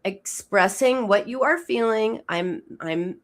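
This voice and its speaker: A woman psychoanalyst, a guest in an interview, explains her method emphatically and often repeats and restarts words. Her voice is medium-pitched.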